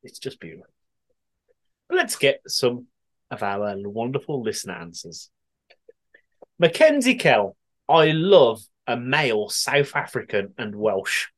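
Podcast host, male, from the West Midlands; animated, giggly delivery. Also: medium pitch, unhurried, long pauses. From West Midlands, England. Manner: chatty and giggly, often laughing and swearing. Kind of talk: casual chat, reading listener answers.

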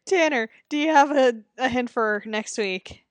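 A woman co-hosting a casual comedy podcast, playful and quick to laugh. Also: high-pitched, no room sound. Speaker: podcast co-host.

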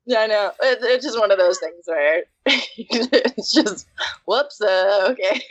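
A woman's voice: medium pitch, slow, no echo. A woman in casual chat, chatty and often laughing. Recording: dry muffled sound.

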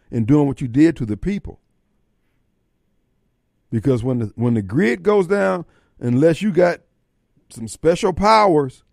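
A man's voice: fairly high pitch, gravelly, darkish tone, no echo, clean studio sound. A man hosting a radio talk show, folksy and fiery, taking callers and giving warnings. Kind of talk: talk radio monologue and call-in.

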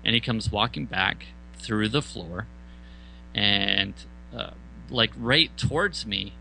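A man casually telling a band story, swearing often and acting out loud outbursts. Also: lowish voice, slow pace, vocal fry, slight background noise, rough recording. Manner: profane, animated retelling with loud mock outbursts.

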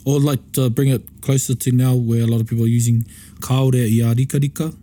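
Man with a warm mellow voice, chatty, repeats stuff back, asks questions. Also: medium pitch, flat delivery, quick pace. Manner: eager, echoes phrases back, chuckles often. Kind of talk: casual language chat.

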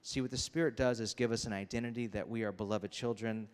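A man's voice: fairly low pitch, smooth. Man preaching in a reverberant hall. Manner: animated, acts out characters, quick asides. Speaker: pastor. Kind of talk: sermon. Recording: long reverb of a large hall.

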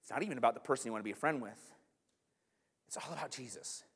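A man preaching a sermon to his congregation, animated, with conversational asides. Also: mid-range voice, slightly rough, long reverb tail. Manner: animated, talks to the congregation with asides and quick acted-out quotes. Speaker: pastor.

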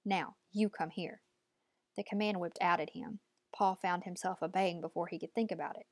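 A woman narrating an audiobook at a measured, steady pace. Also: fairly low pitch, no room sound.

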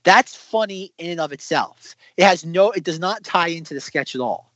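High-voiced podcast dude picking sketches apart, lively, dull dry lo-fi audio. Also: male voice, moderate pace, no room sound. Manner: animated, critical, mimics voices with mock laughter. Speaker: podcast co-host. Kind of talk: casual chat reviewing sketches.

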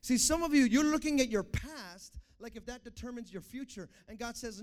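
A young man preaching a sermon, swinging from fervent shouted calls to the congregation to quiet, confessional stories. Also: extremely high pitch, animated, moderate pace, few pauses. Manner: impassioned, builds to shouting, then quiet and confessional.

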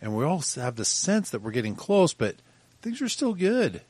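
A man co-hosting a casual podcast, talking in quick bursts with frequent restarts and sudden lively bits of mimicry. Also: fairly high pitch, breathy edge, dry recording. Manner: talks in bursts, restarts often, animated when mimicking others. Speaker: podcast co-host.

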